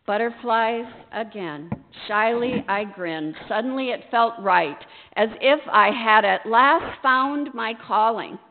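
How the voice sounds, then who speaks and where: A woman pastor giving a storytelling sermon in a church sanctuary, unhurried, acting out her own hesitant, self-deprecating lines. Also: fairly high pitch, expressive. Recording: echoey church over a tinny line.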